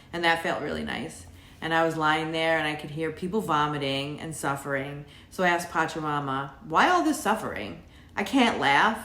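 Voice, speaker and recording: Low-voiced woman narrating her journal. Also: fairly bright tone, reverberant. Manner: earnest, wondering, reflective. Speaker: vlogger recounting a journal.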